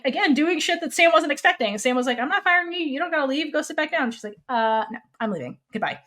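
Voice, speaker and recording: Animated woman podcaster, fairly high voice. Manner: animated, swears freely, acts out characters' lines. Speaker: podcast co-host. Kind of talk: casual recap of a TV episode.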